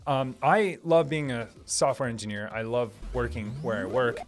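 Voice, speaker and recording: A man's voice: mid-range voice, moderate pace, faint music behind. Upbeat Minnesota man chatting on stream. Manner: enthusiastic, lots of fillers and restarts. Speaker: streamer host answering chat; software engineer. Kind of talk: casual live-stream chat.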